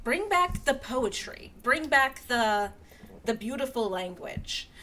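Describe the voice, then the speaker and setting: A woman's voice: a little high, very animated, slow pace, pushed and bright, slight background noise. A woman co-hosting a podcast, animatedly recapping a film in casual chat and acting out the characters' lines. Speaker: podcast co-host.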